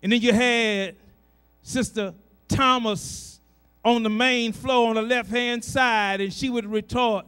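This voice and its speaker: A high, bright male voice in a church delivering a slow, drawn-out sermon. The middle-aged preacher swings between quiet talk and shouted proclamations, repeating his phrases in a call-and-response rhythm. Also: steady tone, clean tone.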